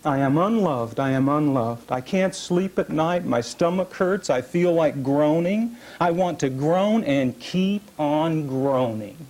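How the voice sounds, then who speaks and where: A man gives a public reading of his own first-person prose. He takes it slowly, leaning into long pauses, and his pitch rises and falls widely as he shapes each line. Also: expressive, darkish tone. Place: reading series event.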